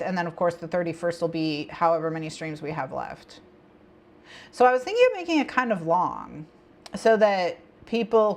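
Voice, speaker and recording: A woman hosting a casual co-working livestream, talking in a rambling, chatty way with bursts of excitement. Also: fairly low pitch. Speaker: livestream host. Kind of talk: casual co-working stream chat.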